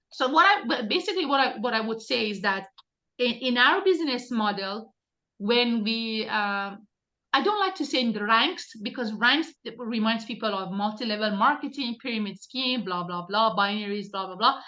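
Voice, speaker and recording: A woman's voice: a little high, pushed and bright, highs cut off. A woman team leader coaching her recruiters on a group video call, talking directly and insistently with many restarts.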